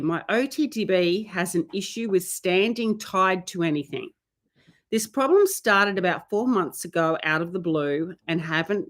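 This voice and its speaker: A woman who trains horses, hosting a casual weekly live Q&A and talking in a chatty, easygoing way as she reads out a viewer's question. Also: medium pitch. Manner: chatty, often breaking off to scold her dogs. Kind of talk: casual live-stream chat. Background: dogs barking and playing nearby.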